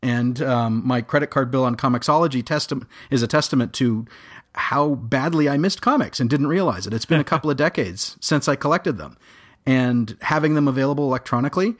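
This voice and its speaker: Guy on a podcast panel, kinda halting, lots of ums and little laughs. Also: medium pitch. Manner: halting, with fillers and chuckles. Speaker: guest panelist. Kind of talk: casual chat.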